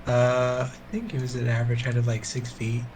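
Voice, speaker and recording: A man's voice: mid-range voice, monotone, fairly quick, a crowd in the background, poor audio. Casual man playing a tabletop game. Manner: casual, hesitant restarts. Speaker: player.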